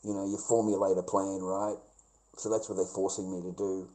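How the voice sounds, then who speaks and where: An Australian man with a low, level, mellow voice rambles fairly quickly through a livestream monologue, swearing constantly, repeating himself and calling listeners mate and bro. The recording quality is low.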